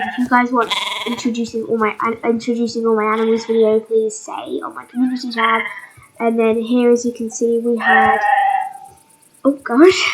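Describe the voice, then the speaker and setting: Casting: woman vlogger with a cold, slightly high, croaky voice, rambling casual voiceover, faint hiss behind. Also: poor audio. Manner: rambling, full of "but yeah" and "um". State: sick and croaky. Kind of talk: casual voiceover of a game riding vlog.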